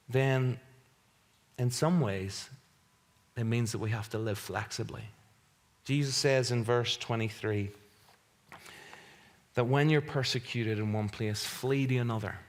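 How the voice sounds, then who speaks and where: Male pastor, mid-range voice, earnest and emphatic sermon delivery. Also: medium pitch. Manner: earnest, emphatic, repeats key phrases.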